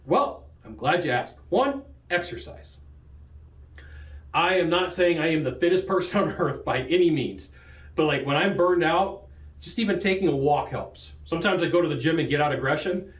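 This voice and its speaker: A man hosting a sales training show, coaching in an energetic, joking way and laughing often. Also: normal speed. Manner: lively, jokey, laughs often, big pitch jumps. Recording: roomy echo.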